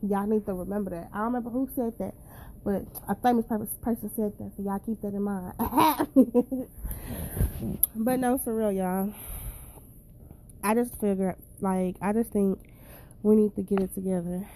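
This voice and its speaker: A woman's voice: medium pitch, steady tone, normal speed, long pauses, mellow, slight background noise. A woman talking casually and bluntly to her viewers, swearing freely and preaching hard about how people should treat their children. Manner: blunt, profane and preachy, addressing viewers directly. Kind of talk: casual straight-to-camera rant.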